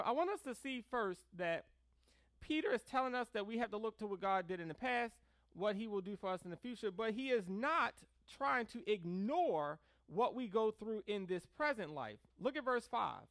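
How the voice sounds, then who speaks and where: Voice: mid-range voice, moderate pace, no echo. A pastor preaching a conversational sermon, checking in with the congregation and stressing key words. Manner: conversational preaching with frequent "right?" check-ins; animated, leans hard on key words.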